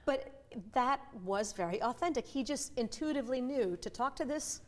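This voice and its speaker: A middle-aged woman who coaches speakers, explaining her ideas in an animated, conversational interview with playful asides. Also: high voice, slight background noise. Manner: animated, with quick vivid asides and playful voices. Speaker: voice and communication coach.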